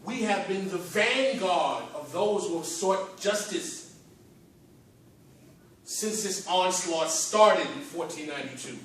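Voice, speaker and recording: A man with a high-pitched, fairly bright voice takes his time, his intonation lively despite the slow pace, over slight background noise. In an impassioned panel speech at a library conference hall, he asks fervent, preacher-like rhetorical questions with rising and falling emphasis. The echoey hall recording is made from far off.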